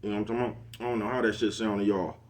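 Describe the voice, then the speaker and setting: A man's voice: on the low side, steady tone, racing. A middle-aged man ranting casually to the camera, laid-back and slangy, always asking if you know what he's talking about. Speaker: vlogger hosting his own show.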